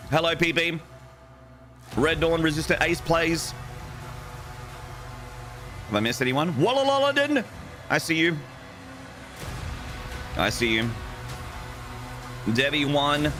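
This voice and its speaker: A young man streaming games, greeting his chat in a playful, banter-filled way with casual swearing. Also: medium pitch. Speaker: gaming streamer.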